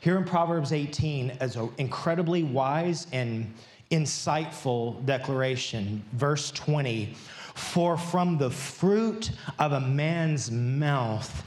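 A man preaching a sermon in a large church, chatting and joking with the congregation before reading from scripture. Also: a little high. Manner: conversational and playful, joking with the congregation. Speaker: pastor. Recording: echoey church hall.

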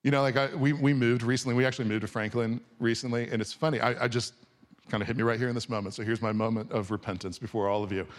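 A man in his forties preaching a sermon to a congregation in a casual, conversational way, dropping from soft, slow words to loud bursts. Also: mid-range voice, fairly even intonation. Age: 40s. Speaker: pastor. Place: church or auditorium before a congregation.

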